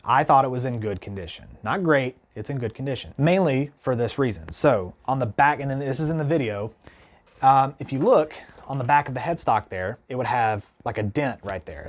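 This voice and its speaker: A man vlogging casually to camera, telling an indignant story in a rambling way, full of "like" and "you know". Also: medium pitch. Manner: animated, indignant retelling with many restarts. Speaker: guitar vlogger.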